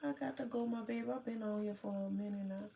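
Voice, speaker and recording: A tired, sleepy woman hosting a late-night livestream, chatting slowly with viewers in a rambling, drawling way, sighing and yawning. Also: mid-range voice, fairly even intonation, gravelly, noisy background. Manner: slow, drawling, rambling talk with sighs and yawns. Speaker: livestream host.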